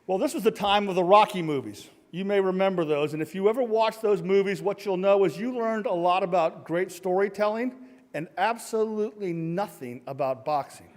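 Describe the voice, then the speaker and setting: A man's voice: high-pitched, fairly quick. Self-mocking middle-aged man telling stories on stage. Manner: self-mocking, punchy, acts out shouts and sound effects. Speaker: storyteller at a story slam. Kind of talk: live comic storytelling. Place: large hall, live stage. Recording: long hall reverb from a live stage.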